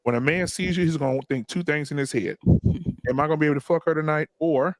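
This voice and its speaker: Man, profane, animated, high-ish voice, dry studio mic. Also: fast, dry recording. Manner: blunt, profane, animated storytelling with acted quotes. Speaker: podcast co-host. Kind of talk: casual group chat, storytelling.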